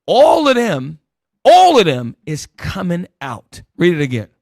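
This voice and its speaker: A man leading a Bible teaching sermon, calling out verses and swinging between loud emphatic bursts and low asides. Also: wildly swooping pitch, unhurried, gravelly, no echo. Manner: calls out verses and directs helpers.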